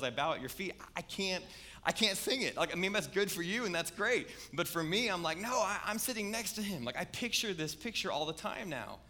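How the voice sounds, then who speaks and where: Bright-voiced preacher telling stories. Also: male voice, fairly high pitch. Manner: storytelling, conversational and animated. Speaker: pastor. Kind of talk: sermon.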